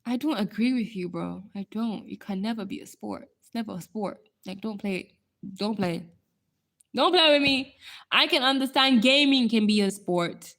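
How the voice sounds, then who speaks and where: A woman's voice: medium pitch, moderate pace, fairly bright tone. A young woman hosting a casual live stream, chatting with viewers and laughing often. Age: young adult.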